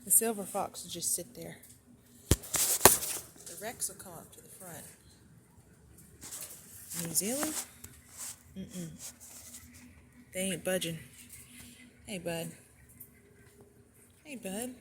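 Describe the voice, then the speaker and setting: A woman giving a relaxed, chatty tour of her rabbit barn as a breeder, pausing now and then between thoughts. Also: on the low side. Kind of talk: casual walkthrough narration. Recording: noisy barn ambience. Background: barn ambience noise.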